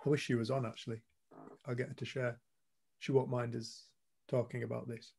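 Man, retreat co-host, blunt earnest storytelling, gravelly edge. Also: medium pitch, level tone, fairly quick, a little mellow. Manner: blunt, earnest, swears casually. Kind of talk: candid storytelling talk to a group.

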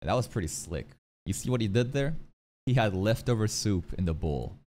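A man reacting to an anime episode in casual, excitable commentary. He swears freely and jokes at the screen. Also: on the low side, moderate pace. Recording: anime audio playing behind him.

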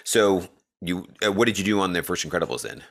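Deep, bright-voiced laughing host. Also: male voice, animated, quick pace, vocal fry. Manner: laughs along, short encouraging replies. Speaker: podcast host. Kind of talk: casual interview.

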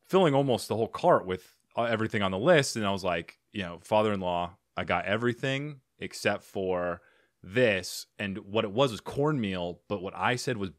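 A man's voice: fairly low pitch, lively intonation, fairly quick, few pauses, no room sound, studio quality. A man hosting a comedy advice podcast, chatting casually with a guest in a self-deprecating way. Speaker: podcast host. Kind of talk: casual interview chat.

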